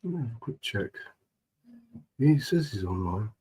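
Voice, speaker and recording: A man hosting a relaxed live stream, chatting with viewers in a laid-back, friendly way. His voice has a husky, grainy texture at a middling pitch. He keeps his talk fairly hushed. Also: normal speed, low-quality recording. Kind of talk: casual live-stream chat.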